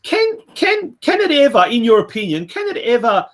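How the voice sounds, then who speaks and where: A man's voice: extremely high pitch, very animated, normal speed, fairly bright tone. A man hosting a football podcast, asking a guest long questions with repeated starts. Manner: rambling, repeats himself while asking. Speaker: podcast host. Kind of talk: interview questions.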